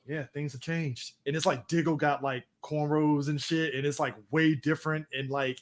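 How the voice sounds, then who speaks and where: A man's voice: a little high, flat delivery, normal speed. A man co-hosting a casual comic-book podcast, rambling through stories and acting out what people said. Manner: rambling storytelling, acting out quoted voices. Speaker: podcast co-host. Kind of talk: casual chat.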